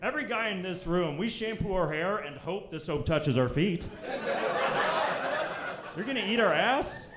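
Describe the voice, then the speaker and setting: Young man, stand-up comedian, from Canada, crude and brash, high lively voice, echoey room, crowd laughing. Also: normal speed, pauses often, very noisy. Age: young adult. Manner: brash, crude, swings into loud high-pitched voices for quoted people. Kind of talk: stand-up set. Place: comedy club stage before a live audience.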